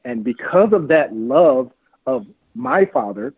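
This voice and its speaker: A husky, breathy-edged man preaches fervently, hammering his points with repetition. His voice is dry and close, squeezed through thin phone-line audio. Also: mid-range voice, very animated, takes it slowly, dry recording. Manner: fervent, repetitive, laughs often. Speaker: guest, street outreach worker. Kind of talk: preachy, emphatic interview talk.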